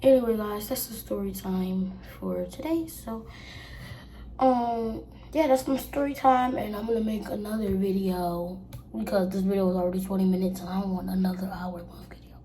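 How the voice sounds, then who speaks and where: A woman's voice: mid-range voice, steady tone, normal speed, mellow, a little hiss or hum. A young girl vlogging at home, telling a casual storytime and acting out the people she quotes. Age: child. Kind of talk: storytime while getting ready.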